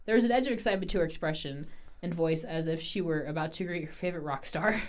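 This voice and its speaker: Low-voiced giggly woman chatting about books. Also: fast. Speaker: podcast co-host. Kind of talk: casual book discussion.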